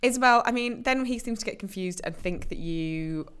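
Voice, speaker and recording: A woman's voice: medium pitch, lively intonation, normal speed, a bit bright, clear, resonant tone. A woman co-hosting a podcast, chatting casually and teasing her co-host as she reads listener emails aloud. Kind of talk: casual chat.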